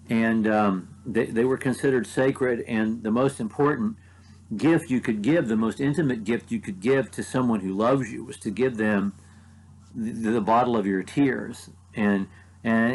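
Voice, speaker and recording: A man with an American accent giving a short devotional talk as a preacher. He reads scripture aloud and reflects on it earnestly, slowing down to stress key phrases and often restarting his sentences. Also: on the low side, rough recording. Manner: earnest, with frequent restarts and repeated words.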